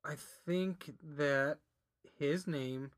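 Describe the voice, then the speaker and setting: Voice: medium pitch, very slow, clean tone. A podcast co-host reviewing a movie in casual banter, rambling and giggly, with lots of fillers.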